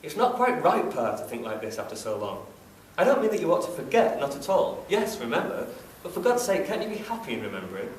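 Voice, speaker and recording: A man's voice: on the high side, sing-song, brisk, few pauses, reverberant, distant mic, a little hiss or hum, pitched above the performer's own voice. A man reading aloud as an impatient young son of twenty-nine, pleading with his father. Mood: exasperated.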